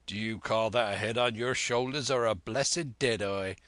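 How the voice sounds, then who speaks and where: A man's voice: lowish voice, moderate pace, a bit bright, dry recording, lightly acted. Long John Silver, salty old sea cook read by a man. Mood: blustering. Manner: salty sailor slang, bluff and wheedling. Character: cunning one-legged old male sea cook, blustering. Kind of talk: audiobook character reading.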